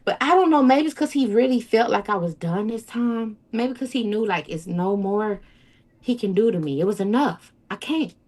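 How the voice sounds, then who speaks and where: A woman's voice: medium pitch, animated, normal speed, a little mellow. A woman, a guest recounting a painful personal story in a rambling, repetitive way. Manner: rambling, repeats herself, acts out quoted speech. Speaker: interview guest. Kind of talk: emotional personal account.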